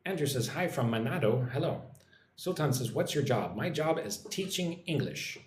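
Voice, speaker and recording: A man from the United States teaching English on a live stream, explaining words slowly and checking in with "right?" after each point. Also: mid-range voice, animated, reverberant, a little hiss or hum.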